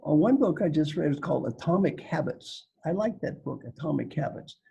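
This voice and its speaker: An older man from Kentucky speaks in a folksy, joking manner, often repeating a phrase to drive it home. His voice is gravelly and husky, with a dark, mellow tone. He speaks as a guest on a coaching panel. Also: on the high side, expressive, a little fast, muffled recording. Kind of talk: casual storytelling on a video call panel.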